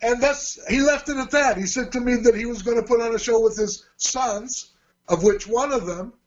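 High-voiced man telling stories. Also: muffled recording. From Australia. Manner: chatty, with restarts and quoted dialogue. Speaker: martial arts teacher and fight promoter. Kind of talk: interview storytelling.

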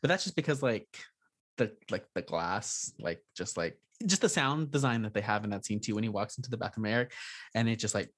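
An animated young woman with a husky edge, her pitch swinging high and low as she acts out her reactions. She co-hosts a casual chat and swears freely. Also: fairly quick. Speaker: podcast co-host.

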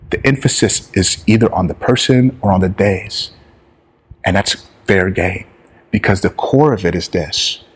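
Husky-voiced man preaching a sermon. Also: on the low side. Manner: emphatic, slows down for key phrases. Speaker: pastor.

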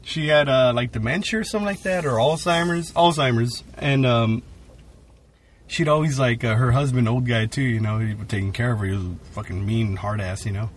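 A man's voice: medium pitch, fairly quick, a little hiss or hum. Rambling, profane young man storyteller. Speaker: guest co-host and comedian. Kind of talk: casual podcast chat.

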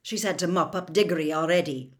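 Woman voicing strict older female professor, brisk, crisp, storybook. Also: on the low side, close to an everyday voice.

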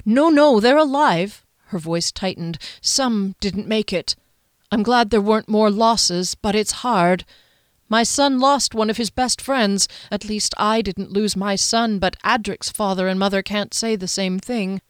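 A woman's voice: mid-range voice, a little slow, clean tone, no room sound, studio quality, lightly acted. A woman voicing a worried middle-aged shopkeeper and mother, earnest and anxious, in a slightly raised voice. It is an audiobook reading.

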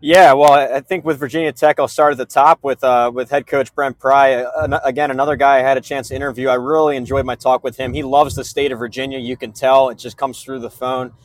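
A man's voice: medium pitch, level tone, a little fast, hardly any pauses. A man guest on a podcast, talking sports in a casual, earnest way with lots of fillers. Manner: earnest, many fillers and restarts. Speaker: podcast guest, preview writer.

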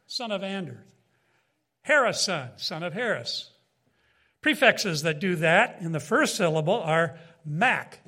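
High-voiced man giving an emphatic Bible teaching. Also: sharp tone. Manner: emphatic, rising and falling delivery with asides to listeners. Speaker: preacher. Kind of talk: sermon-style Bible teaching.

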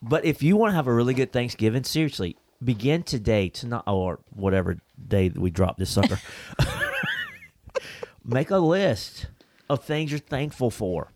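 Lively, emphatic male podcast host. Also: mid-range voice, moderate pace, dry recording. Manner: emphatic, preacherly, jokey. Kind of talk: casual faith discussion.

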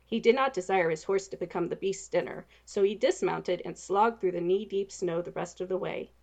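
A woman narrating a storybook in an expressive, even reading voice. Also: lowish voice, moderate pace, gravelly.

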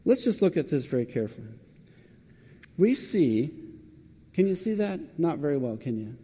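A man's voice: fairly high pitch, sing-song, normal speed, mellow, breathy edge. Man preaching in a reverberant hall. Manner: conversational, questions the congregation directly. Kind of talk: sermon.

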